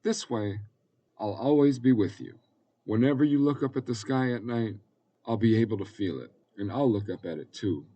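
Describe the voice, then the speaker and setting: A man voicing a loving older woman who tucks a young foster boy into bed, speaking gently and soothingly. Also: on the low side, normal speed, highs cut off, pitched above the performer's own voice, natural voice. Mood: tender.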